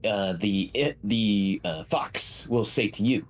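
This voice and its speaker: A man's voice: fairly low pitch, slow pace. Man narrating a tabletop game. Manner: loose, descriptive, with filler sounds. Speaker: game master.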